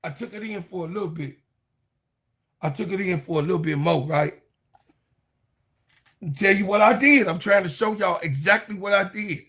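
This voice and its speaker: A man in his fifties ranting casually to viewers as a sports commentator, animated and profane, often repeating his phrases. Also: high voice, normal speed, pauses often. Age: 50s. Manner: animated, profane, keeps repeating "you know what I'm saying".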